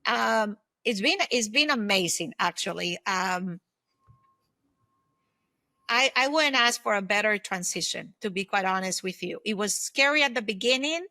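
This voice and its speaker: A woman's voice: medium pitch, animated, a little slow, sharp tone, no echo. A woman in her fifties, an interview guest, telling long personal anecdotes in an earnest, reflective way. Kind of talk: conversational interview storytelling.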